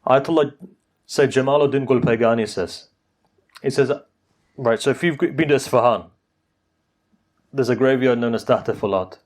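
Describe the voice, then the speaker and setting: A man's voice: medium pitch, darkish tone. A man giving a sermon, telling stories and pressing his points with rising emphasis. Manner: storytelling, rising to emphatic exhortation. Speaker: Muslim preacher.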